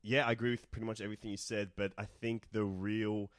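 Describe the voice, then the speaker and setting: A man's voice: fairly low pitch, little pitch movement, quick pace, no room sound, clean studio sound. An Australian man talking films casually as a podcast co-host, saying "like" a lot and laughing easily. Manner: laughs often, says "like" a lot. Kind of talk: casual film discussion.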